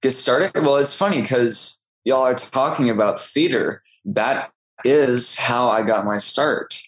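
A man's voice: medium pitch, takes it slowly, fairly bright tone, rough recording. A young man from Texas, an actor, telling stories in a casual interview with a chatty, self-deprecating manner. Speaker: guest actor.

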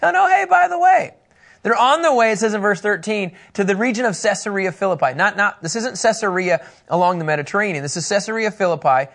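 High-voiced man teaching a Bible lesson. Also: fast talker, hardly any pauses. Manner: animated, joking, acts out scenes; chats with people in the room.

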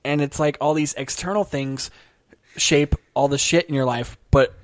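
A man's voice: on the high side, steady tone, moderate pace, no room sound. A man co-hosting a casual podcast chat who laughs along and rants reflectively. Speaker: comedian podcast co-host.

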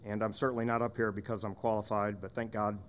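A man's voice: fairly low pitch, little pitch movement, quick pace, slight background noise. A man serving as pastor, delivering a sermon in an earnest, conversational way with frequent rhetorical questions.

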